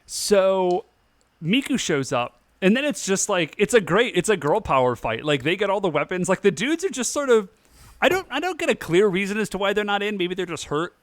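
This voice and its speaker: A man co-hosting a podcast in casual chat, recapping the plot in a relaxed way. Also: sits high, fairly quick, no echo. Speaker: podcast co-host.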